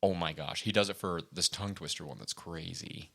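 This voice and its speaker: A man's voice: low-pitched, brisk, vocal fry, a bit bright. A young man co-hosting a podcast, rambling casually with lots of restarts and laughter. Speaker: podcast co-host. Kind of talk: casual chat.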